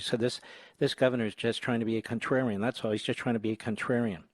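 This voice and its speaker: A man's voice: medium pitch, fairly even intonation, fast, no room sound. A man in his sixties with an American accent, hosting a talk radio show, sarcastic and mocking, working himself up into angry rants. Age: 60s. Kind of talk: combative talk radio monologue. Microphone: studio microphone.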